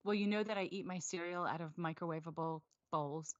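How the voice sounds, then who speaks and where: A woman with a fairly low voice talks in a chatty, self-deprecating way, laughing often. She is on a live video call. The audio sounds dull and lo-fi. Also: a little fast. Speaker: guest. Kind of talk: casual live-stream chat.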